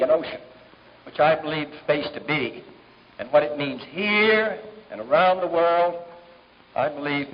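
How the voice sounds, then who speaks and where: Middle-aged man, formal fundraiser speech, measured delivery with frequent "uh" pauses, fairly high-pitched, dull old archive recording in a reverberant banquet hall. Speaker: speaker at a political fundraiser.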